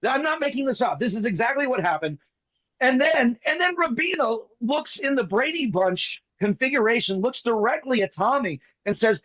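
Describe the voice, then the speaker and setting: A man performing as a magician, telling jokey stories in quick comic patter over a video call. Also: very high-pitched, big pitch swings, a bit bright, no echo, highs cut off. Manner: rapid joking storyteller, playful teasing. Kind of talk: comic patter on an online show.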